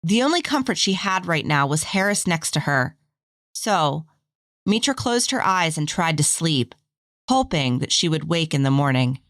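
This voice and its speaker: A woman narrates a fantasy audiobook in a low voice that moves expressively up and down. The recording is dry and close, with no room sound. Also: very animated, moderate pace, a bit bright, no echo.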